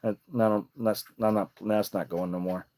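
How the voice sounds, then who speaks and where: A man's voice: fairly low pitch, steady tone, normal speed, darkish tone. A young adult man hosting a podcast, telling a personal story in a rambling, emphatic way with casual swearing. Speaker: podcast host.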